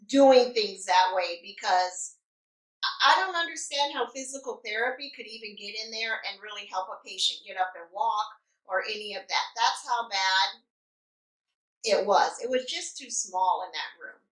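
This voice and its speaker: A woman vlogger telling a story animatedly, sometimes dropping into quiet asides. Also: mid-range voice, animated, moderate pace. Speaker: mukbang vlogger. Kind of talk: casual storytime. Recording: echoey room, distant mic.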